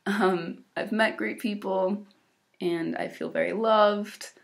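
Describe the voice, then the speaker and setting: She takes it slowly, her mid-range voice gravelly and even in tone. A teenage exchange student from Illinois, USA, she vlogs about her year away with an American accent, upbeat and casual, chatting with fillers and small laughs.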